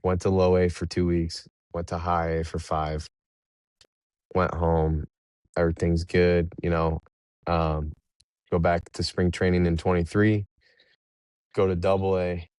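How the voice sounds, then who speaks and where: A man in his twenties, a professional baseball pitcher and podcast guest, telling laid-back, rambling stories with easy laughs between them. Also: level tone, a little slow, long pauses, darkish tone, clear, resonant tone, dry recording, studio quality. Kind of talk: casual interview storytelling.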